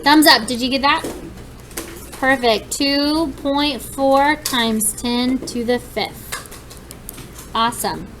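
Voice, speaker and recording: A woman's voice: high-pitched, takes it slowly, long pauses, a bit bright, slight background noise, poor audio. A woman teaching a class, walking students through steps in an upbeat, encouraging way. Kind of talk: classroom lesson.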